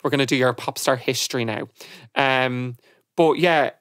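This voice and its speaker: A woman hosting a podcast, chatting in a lively, storytelling way. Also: a bass voice, normal speed, no echo, studio quality. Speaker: podcast host. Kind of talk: casual chat.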